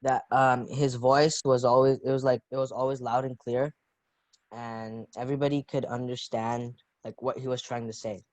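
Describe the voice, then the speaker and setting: Dude answering in online class, dry close sound, says like a lot. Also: male voice, medium pitch, level tone, normal speed, a little mellow, dry recording. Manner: casual, uses "like" as filler. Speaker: workshop participant. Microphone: video call.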